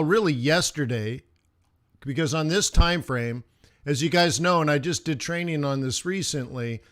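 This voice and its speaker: Man, slightly high voice, live trading lesson, casual, direct to viewers, rhythmic chanted bursts. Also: a bit bright. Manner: casual, talks straight to viewers with quick rhetorical questions. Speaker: forex trading instructor.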